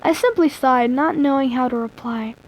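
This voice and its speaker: A woman's voice: sits high, normal speed, poor audio. A young woman casually reading a fan-fiction story aloud on a live stream, often breaking off to chat and joke. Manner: chatty, easily distracted, breaks off to joke.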